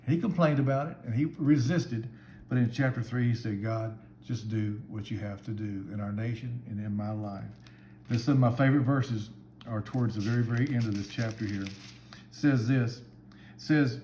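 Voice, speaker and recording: A man's voice: medium pitch, normal speed, warm tone. A man giving a short devotional Bible talk as a church minister, speaking in an earnest, conversational way. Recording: echoey room with faint background hum.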